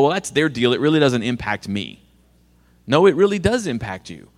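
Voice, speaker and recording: A man's voice: mid-range voice, in a large hall. A middle-aged man, a youth pastor, preaching earnestly and directly to students in a school chapel, with sarcastic asides. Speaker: youth pastor and guest speaker. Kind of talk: sermon to students.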